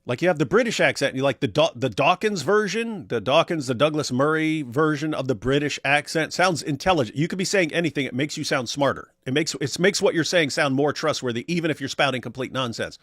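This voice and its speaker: A man's voice: fairly high pitch, fairly quick, hardly any pauses, no echo, clean studio sound. Joking man reading chat. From Australia. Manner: joking, animated, reads comments aloud in put-on voices. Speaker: co-host reading live chat. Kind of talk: casual livestream chat.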